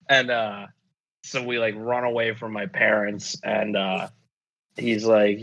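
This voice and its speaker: A man's voice: lowish voice, level tone, measured pace, fairly bright tone. Laid-back profane young man, lo-fi. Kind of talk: casual storytelling chat. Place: apartment abroad, call-in. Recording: dull lo-fi audio.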